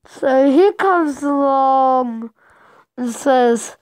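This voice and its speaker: A woman's voice: sits high, animated, drawn-out words, pauses often, no room sound. A woman telling a rambling, playful made-up story while drawing, with sudden dramatic outbursts.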